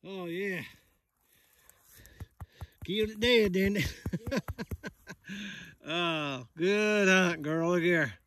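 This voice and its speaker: An older man calls out to a hound and his granddaughter on a hunt in the woods, folksy and excited, filmed on a handheld camera. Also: high-pitched, very slow, pauses often. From West Virginia. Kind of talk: casual outdoor chat. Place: woods outdoors at night. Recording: noisy outdoors with barking dogs.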